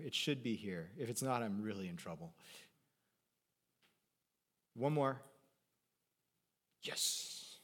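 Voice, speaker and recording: A male pastor preaching a sermon, animated, swinging between loud emphasis and quiet conversational asides, joking with his congregation. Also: medium pitch.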